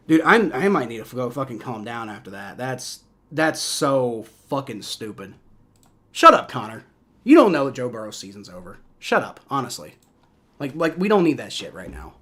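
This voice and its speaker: A man's voice: medium pitch, a bit bright. A man doing live fan reaction and play-by-play for a football game, rambling and profane, moving from anxious mumbles to furious rants. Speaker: fan livestream commentator.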